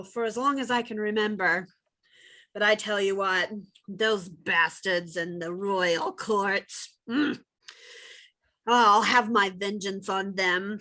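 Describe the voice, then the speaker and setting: A woman's voice: medium pitch, pushed and bright. A woman voicing a dramatic female plague healer who speaks theatrically and calls people darling. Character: dramatic female plague healer, vengeful toward royal court.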